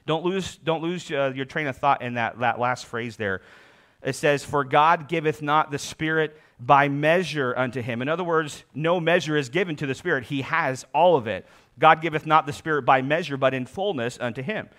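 A man's voice: on the high side, moderate pace, a bit bright. A man preaching a sermon as pastor, reading scripture aloud and explaining it with emphatic repetition.

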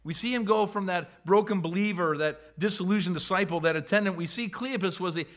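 High-voiced preacher acting out scripture. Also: male voice, a little fast. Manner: dramatic, acts out scripture voices, repeats words. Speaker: pastor. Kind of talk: sermon.

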